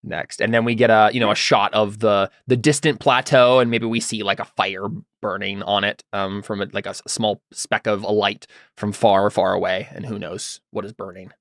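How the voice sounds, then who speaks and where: A man's voice: on the low side, steady tone, normal speed, few pauses, a bit bright, no echo, studio quality. A man running a tabletop game as game master, narrating scenes with many fillers and restarts.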